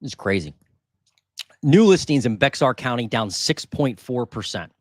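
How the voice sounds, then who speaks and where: With a medium-pitched, animated voice at normal speed, a man hosting a housing market channel casually works through market figures, musing aloud and repeating numbers. The sound is dry and of studio quality.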